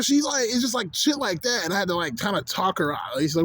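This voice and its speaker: A man's voice: sits high, lively intonation, fairly quick, fairly bright tone. A young man in his twenties from Canada, ranting casually in a profane, rambling way, with lots of filler phrases. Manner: profane, rambling, full of "you know what I'm saying". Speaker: vlogger. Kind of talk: casual rant.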